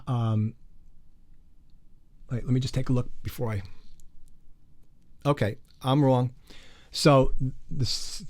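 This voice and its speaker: A man's voice: mid-range voice, a little mellow. A man teaching an online music production class, explaining microphones in a casual way while he demonstrates the gear. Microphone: studio condenser microphone, moved around.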